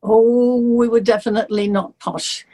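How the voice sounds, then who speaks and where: An older woman from England, a singer, chatting as a guest and telling childhood stories in a lively, anecdotal way. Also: fairly high pitch, a little slow, poor audio. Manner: chatty, warm anecdotes, laughs easily. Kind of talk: interview.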